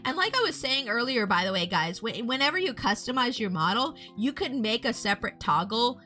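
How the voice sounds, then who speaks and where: Chatty bright-voiced woman streamer. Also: a little high, very animated, fairly quick, soft background music. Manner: chatty, rambling, greets chat viewers. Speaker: VTuber artist streaming a model demo. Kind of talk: casual live stream chat.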